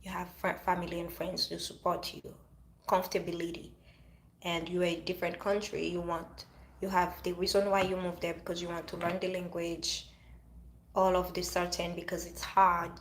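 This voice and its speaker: A woman's voice: lowish voice, little pitch movement, moderate pace, echoey room, low-quality recording. A woman with a French accent speaking earnestly in a casual motivational monologue, often restarting her phrases. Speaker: vlogger.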